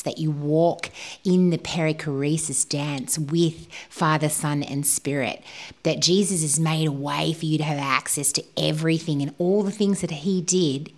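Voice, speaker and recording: A woman co-hosting a spiritual podcast, talking in an earnest, flowing way and sometimes dropping to a whisper. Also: low voice. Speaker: podcast co-host.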